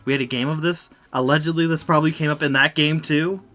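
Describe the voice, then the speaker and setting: A man's voice: on the high side, fairly even intonation, fast talker, hardly any pauses, a bit bright, faint music behind. A young man streaming a game, reading the dialogue aloud and joking in a rambling way. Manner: jokey, rambling, laughing at himself.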